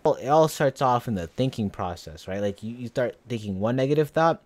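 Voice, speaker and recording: A man co-hosting a casual reaction chat, relaxed and reflective with lots of "like" and "bro". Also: medium pitch, brisk. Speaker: co-host reacting.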